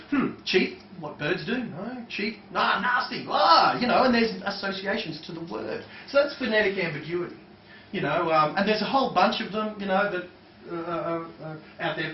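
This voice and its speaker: A man with a high voice leads a live workshop and talks through it in a loose, conversational way, full of fillers. He sounds far from the microphone in an echoey room, and the recording is dull and lo-fi with faint noise behind him. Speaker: seminar trainer. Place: seminar room with a live audience.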